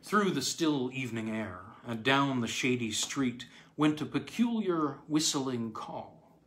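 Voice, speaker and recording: Male narrator, mid pitch, dramatic horror reading with sudden loud and hushed turns. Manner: dramatic, with sharp swings in pitch and loudness. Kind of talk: scripted horror story reading.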